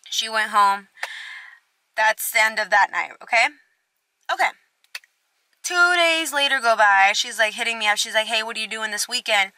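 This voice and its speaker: A woman's voice: a little high, pushed and bright. A young woman telling a casual storytime, chatty and candid, full of "like". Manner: chatty, fillers of "like", candid and blunt. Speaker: vlogger.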